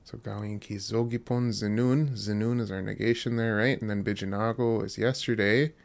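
Gravelly-voiced man drilling a language quiz. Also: on the low side, fairly even intonation, moderate pace. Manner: patient drilling, repeats phrases. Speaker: language teacher.

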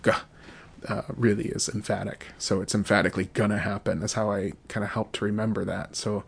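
A man teaching a podcast language lesson, saying each phrase slowly several times, then giving the meaning and explaining the grammar in a relaxed, casual way. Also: lowish voice, creaky, slightly rough. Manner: slow, repeated drilling of phrases.

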